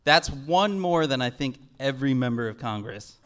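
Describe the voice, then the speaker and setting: A man's voice: mid-range voice, expressive, normal speed, a bit bright. A man co-hosting a comedy podcast in front of a live audience, trading dry, wry banter. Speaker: podcast co-host. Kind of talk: casual comedic chat before a live audience.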